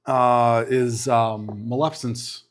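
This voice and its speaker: A middle-aged man in an easygoing livestream chat, talking through his card pulls in a loose, rambling way. He often trails off and restarts his sentences, and his voice sits in an ordinary middle pitch. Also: slow, a little hiss or hum. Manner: relaxed, rambling, breaks off and restarts. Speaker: streamer opening trading cards.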